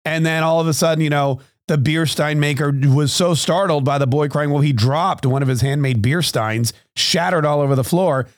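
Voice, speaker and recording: A man's voice: on the high side, normal speed, few pauses, no echo, studio quality. A man hosting a podcast, telling a story in a rambling, sarcastic comic monologue. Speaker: podcast host.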